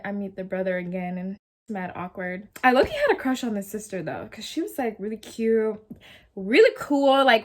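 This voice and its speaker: A young woman in her twenties telling a story in a rambling, slangy, casual way, full of "like" and swearing. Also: fairly high pitch. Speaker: vlogger. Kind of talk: casual story-time chat.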